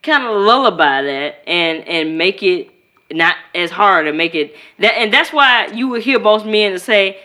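Woman from Chicago, podcast co-host, casual chat, bright voice, animated and profane. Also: mid-range voice, unhurried.

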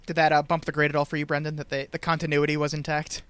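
A man's voice: fairly high pitch, monotone, rapid-fire, fairly bright tone, clean tone, no room sound. A man from Long Island hosting a podcast, recapping a TV episode in casual chat and laughing often as he goes. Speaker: podcast host.

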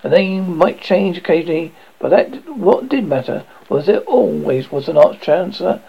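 A man's voice: sits high, lively intonation, normal speed, vocal fry, husky. A man narrating a novel aloud in an amateur reading, often stumbling and correcting himself. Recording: dull lo-fi recording.

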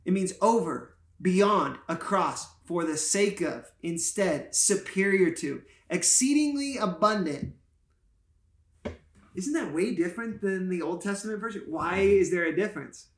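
A pastor and podcast co-host explains Bible passages in a casual, playful, enthusiastic way, joking as he teaches. His high-sitting voice is expressive and measured in pace, and the room has a noticeable echo.

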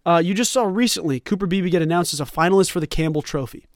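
High-pitched and fast, the voice belongs to a young man hosting a sports podcast. He rambles animatedly through casual commentary stuffed with side remarks, recorded in studio quality without echo.

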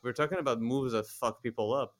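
A man from Iran speaks at a middle pitch in easygoing podcast chat. He laughs often and drops blunt, crude asides into the conversation. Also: brisk. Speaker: podcast host. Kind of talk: casual chat.

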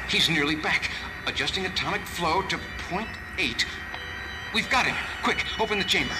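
An actor playing an excited male lab assistant in an old-style radio serial. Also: high voice, moderate pace, over loud music, poor audio. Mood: urgent. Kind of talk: 1950s-style radio acting.

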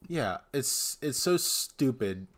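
A man's voice: mid-range voice, big pitch swings, slow, fairly bright tone. A man co-hosting a casual podcast, ranting in frustration and laughing at himself. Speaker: podcast co-host.

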